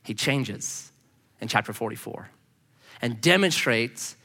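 A male pastor giving a sermon, telling a personal story in an animated way and acting out the voices of the people in it. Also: medium pitch, slow, long reverb tail.

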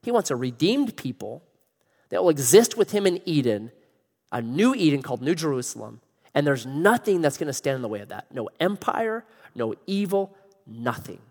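A middle-aged man preaching a sermon as pastor, animated and joking, acting out quotes in other voices. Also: on the high side, normal speed. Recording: long reverb of a large hall.

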